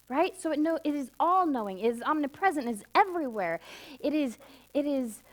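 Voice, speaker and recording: Woman preacher, middle-aged, slightly high pitch, conversational sermon, rises emphatic then drops soft. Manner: conversational storytelling, swinging from emphatic highs to soft intimate lows. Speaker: minister.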